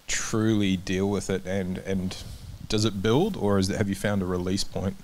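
A man's voice: low voice, steady tone, normal speed, a little mellow. An Australian man hosting a church interview, asking long rambling questions with restarts and chiming in with affirmations.

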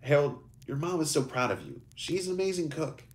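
A man voicing a bright, gentle young woman. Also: fairly high pitch, sing-song, fairly quick, pitched above the performer's own voice. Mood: reassuring.

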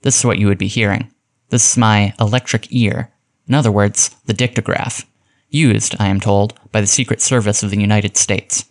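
A man voicing a commanding detective, low voice. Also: fairly even intonation, moderate pace, natural voice. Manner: crisp, commanding. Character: brisk confident male criminologist detective. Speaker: detective giving orders.

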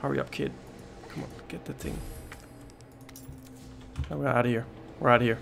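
A man's voice: medium pitch, fairly even intonation, normal speed, gravelly, background noise. A man giving let's play commentary, panicking, swearing and joking to himself. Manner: panicky, swearing, jokey self-talk. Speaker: game streamer.

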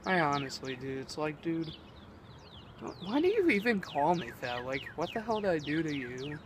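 A man's voice: on the high side, sing-song, moderate pace, noisy background. A man ranting and swearing in a casual, rambling vlog. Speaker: vlogger.

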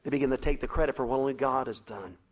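A man preaching a sermon, telling a story dramatically with shouted sound effects. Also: medium pitch, rapid-fire, husky, poor audio.

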